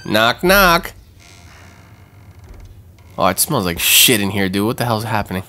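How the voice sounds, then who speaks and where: A man hosting a gaming channel, giving excitable let's-play commentary with swearing and jumpy reactions. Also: lowish voice, fast.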